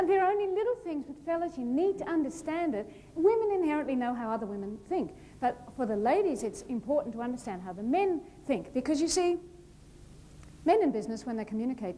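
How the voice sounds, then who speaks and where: A high, lively woman works a big hall from a stage mic, her pitch bouncing all over as she plays out little scenes. There is a faint hum of room ambience behind her. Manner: lively, animated, playful storytelling with acted-out asides. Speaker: motivational speaker. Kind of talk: humorous keynote talk on stage. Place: large hall before a live audience.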